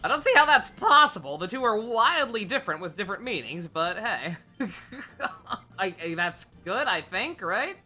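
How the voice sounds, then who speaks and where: A woman's voice: medium pitch, very animated, moderate pace, sharp tone, faint music behind. A woman streaming a game live, chatting casually in a rambling, profane way with lots of fillers. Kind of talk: casual live gameplay commentary.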